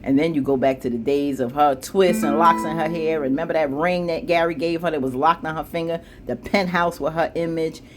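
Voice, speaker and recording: A woman casually recapping a TV episode, chatty, with plenty of asides, acting out the characters' lines with jumps in pitch. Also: fairly even intonation, brisk, few pauses, over music. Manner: chatty, frequent fillers and asides. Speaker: TV show recap vlogger.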